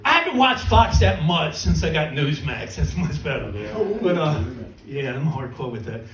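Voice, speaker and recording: A middle-aged man performs a stand-up set on a comedy club stage, rambling and poking fun at himself. His slightly high voice has lively intonation and a moderate pace, heard from a distance in a roomy club with crowd laughter.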